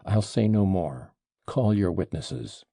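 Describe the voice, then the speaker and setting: A man's voice: sits low, expressive, slow pace, vocal fry, mellow, dry recording, clean studio sound, exaggerated voice. A man reading an audiobook, voicing an agitated, proud young man under arrest in impassioned, indignant outbursts.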